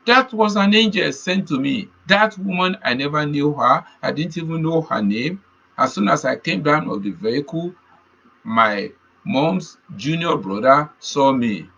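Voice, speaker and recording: A man's voice: fairly high pitch, animated, a little slow, creaky, fairly bright tone, slightly rough, lo-fi sound. A man preaching a sermon, telling a personal testimony in an earnest way and repeating key phrases. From Nigeria.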